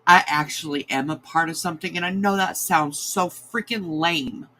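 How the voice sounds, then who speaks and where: A woman, a crochet host chatting to her livestream viewers in a sentimental, halting way. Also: on the low side, fairly bright tone, rough recording. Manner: sentimental, halting, many restarts. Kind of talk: casual livestream chat to viewers.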